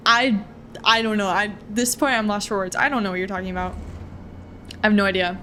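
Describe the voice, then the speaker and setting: A woman's voice: medium pitch, fairly even intonation, fast talker, bright, forceful tone, a little hiss or hum. A woman giving casual gameplay commentary, blunt and profane in her reactions. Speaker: gaming streamer.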